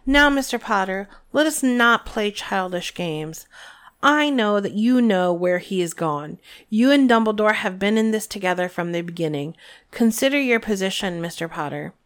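A woman's voice: medium pitch, lively intonation, moderate pace, close to an everyday voice. A woman reading aloud, voicing a cruel, sweet-talking headmistress with prim, cold threats. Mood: sweetly menacing. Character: sugary, cruel, power-hungry headmistress.

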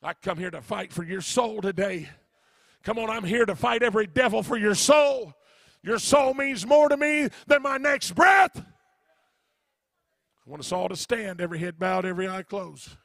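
A man's voice: high voice, lively intonation, measured pace, vocal fry, no room sound. A middle-aged man, preaching an urgent revival sermon as an evangelist, pressing and repeating his calls to the congregation. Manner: urgent exhortation, shouting, repetitive calls.

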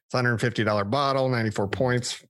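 A man's voice: mid-range voice, fairly even intonation, quick pace, no echo. A man hosting a casual podcast, chatty and reading off a list with frequent restarts. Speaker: podcast host. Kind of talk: casual chat.

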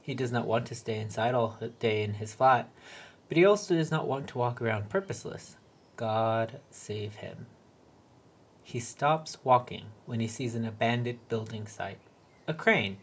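A man's voice: medium pitch, normal speed, breathy edge. Wry man reading a story. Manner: wry, deadpan, sweary. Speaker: reader. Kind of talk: reading a short story aloud.

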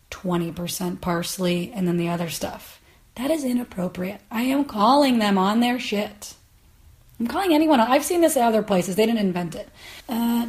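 A woman's voice: mid-range voice, darkish tone. A woman hosting a comedy podcast, ranting in a sarcastic, exasperated way. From United States. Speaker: podcast host. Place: Los Angeles.

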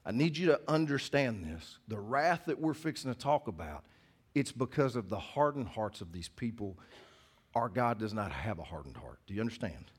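Animated preacher telling stories. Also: male voice, lowish voice, moderate pace, husky. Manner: animated storyteller, swings between loud and hushed. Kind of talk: sermon with personal stories.

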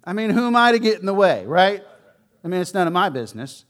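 Male preacher, a touch high-pitched, candid and conversational, with loud stresses and soft asides. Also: sing-song, fast talker. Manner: swings between loud emphasis and quiet low asides. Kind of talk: sermon.

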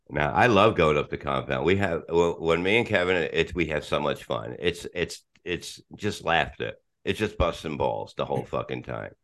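A man's voice: rumbling low, expressive, measured pace, fairly bright tone. A middle-aged man chatting casually as a podcast guest, rambling and swearing, restarting sentences and laughing often.

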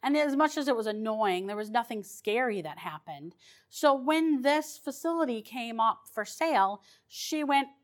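Chatty paranormal investigator woman, higher voice. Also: animated, normal speed. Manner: chatty, rambling, with restarts and fillers. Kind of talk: casual storytelling.

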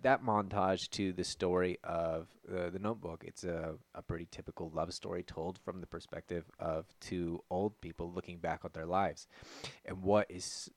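A man's voice: low-pitched, no echo. A man in a casual movie discussion, explaining his view at length and analytically.

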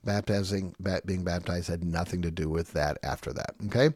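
A man's voice: low-pitched, steady tone, normal speed, darkish tone, no echo, studio quality. A man preaching a teaching sermon, explaining plainly with many fillers and asides, and rising sharply when he stresses a point. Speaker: Baptist pastor.

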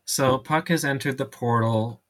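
A man narrates a tabletop role-playing game as its game master. He talks slowly and haltingly, stopping often for fillers while he works out what happens next. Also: mid-range voice, fairly bright tone. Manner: hesitant, full of ums and pauses.

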